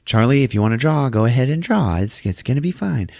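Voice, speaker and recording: A man's voice: mid-range voice, sing-song, fast talker, gravelly, a little mellow, no echo, studio quality, voice pushed up. A man voicing a desperate, grieving mother who pleads and shrieks at her family. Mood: pleading.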